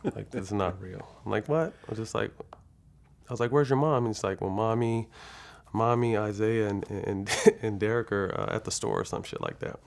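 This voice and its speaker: A man with a low, gravelly voice recounts a personal story as an interview guest. He talks in a loose, laid-back way, full of fillers and swearing. His tone stays casual and conversational. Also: lively intonation, moderate pace. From California. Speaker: interview guest, former basketball player.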